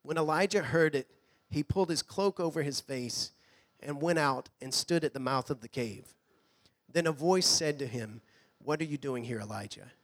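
A man preaching a sermon in a church, earnest, sometimes dropping to a hush. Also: on the high side. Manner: earnest preaching, drops to a hush on quoted lines. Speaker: pastor. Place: church hall.

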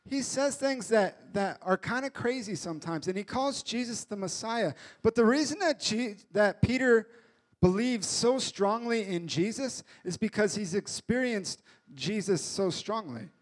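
A man preaching a casual, jokey sermon, retelling a story in a lively way with acted-out voices. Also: high-pitched, measured pace.

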